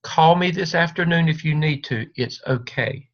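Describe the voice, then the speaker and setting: A man's voice: a little high, steady tone, moderate pace. A man advising a doctoral student one-on-one over a video call, talking in a reassuring, repetitive coaching manner. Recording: dull lo-fi video call audio.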